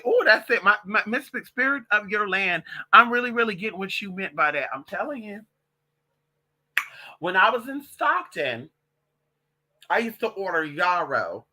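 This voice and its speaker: Sassy, profane transgender woman vlogger. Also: mid-range voice. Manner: sassy, profane, calls listeners honey and girl; animated gossipy storytelling. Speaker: vlogger and witch. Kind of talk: casual vlog monologue.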